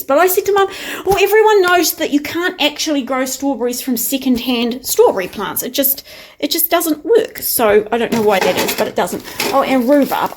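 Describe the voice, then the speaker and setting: A woman's voice: a little high, a little hiss or hum. A young woman with a New Zealand accent, chatting enthusiastically as she walks through her garden for her vlog. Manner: bubbly, enthusiastic, chatty with soft asides. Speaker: vlogger. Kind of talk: casual chatty vlog, walking garden tour. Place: outdoors in a garden.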